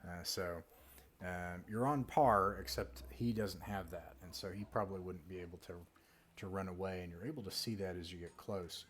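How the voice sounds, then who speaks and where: A man's voice: low voice, normal speed. A man narrating casually as game master of a tabletop game. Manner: relaxed, casual narration with fillers.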